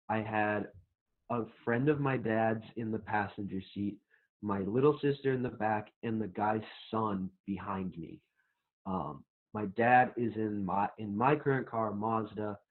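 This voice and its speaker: A young man on a podcast telling stories in a rambling, casual way, full of fillers and swearing. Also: fairly low pitch. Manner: rambling, filler-heavy, profane storytelling. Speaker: podcast guest. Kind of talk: casual chat. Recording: tinny phone-like sound.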